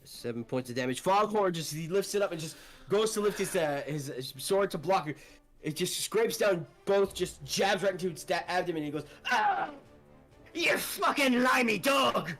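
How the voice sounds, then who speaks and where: A man's voice: sits high, fairly quick, soft background music. A young man running a tabletop game as game master, rambling and swearing as he narrates.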